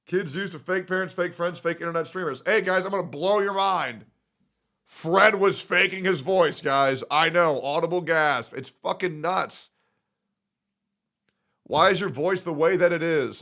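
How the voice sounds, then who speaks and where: A man streaming live, ranting loudly and profanely, swinging between shouts and low mutters. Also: measured pace. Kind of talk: ranting casual chat.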